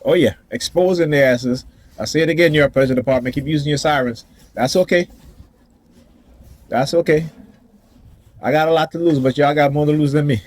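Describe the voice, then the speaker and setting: A man's voice: on the high side, a little fast, pauses often. A man ranting defiantly to the camera outdoors in a casual, confrontational vlog, laughing now and then. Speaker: vlogger.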